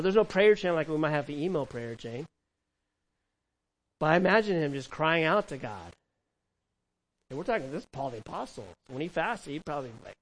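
A man preaching a sermon who asks the congregation questions and acts out prayers and quotes, swinging from loud cries to hushed words. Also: on the high side, poor audio. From California. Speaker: pastor.

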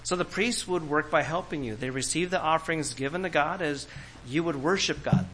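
A man's voice: fairly high pitch, brisk, fairly bright tone, slight background noise, low-quality recording. A man preaching a sermon to a congregation in a church, talking in a conversational way and acting out quoted voices. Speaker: pastor.

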